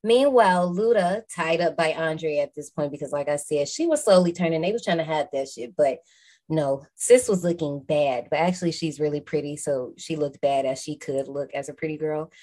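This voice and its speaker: A woman hosting a podcast, recapping a movie in a lively, slangy, casual way with some swearing. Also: sits low, moderate pace. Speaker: podcast host.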